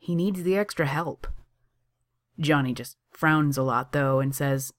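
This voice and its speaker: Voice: mid-range voice, unhurried. A reader narrating a story in a chatty tone with sarcastic asides. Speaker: audiobook reader.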